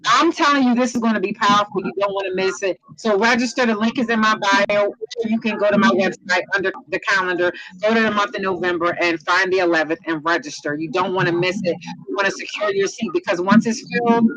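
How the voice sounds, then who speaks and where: A woman's voice: mid-range voice, quick pace, low-quality recording. A woman hosting an online interview, gushing and repeating phrases as she talks. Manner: effusive, repeating phrases like "I'm telling you" and "excited". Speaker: host.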